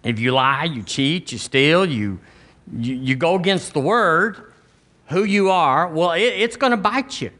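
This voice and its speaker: A man's voice: a little high, animated, a little slow, pushed and bright. Southern man preaching an emphatic sermon. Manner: emphatic preaching with folksy asides and acted-out quotes. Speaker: pastor.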